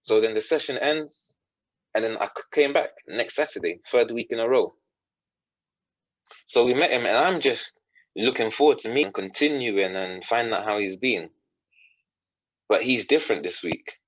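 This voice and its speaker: A coach appearing as a podcast guest earnestly recounts a story in conversation, quoting others' dialogue and frequently restarting his sentences. His voice is medium-pitched and a bit bright, at a moderate pace with long pauses, and the audio has no room sound with the highs cut off.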